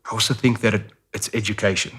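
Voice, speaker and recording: South African man, lowish voice. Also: fairly even intonation, fast, sharp tone, husky. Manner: candid, storytelling, acts out voices of others. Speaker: interview guest. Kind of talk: casual interview talk.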